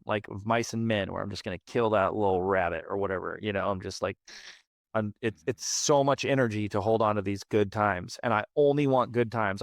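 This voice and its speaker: Speaking in a lowish voice, this late-thirties band frontman shares a raw personal story on a podcast, blunt and profane, hammering points home by repeating himself. The audio is clean studio quality with no room sound.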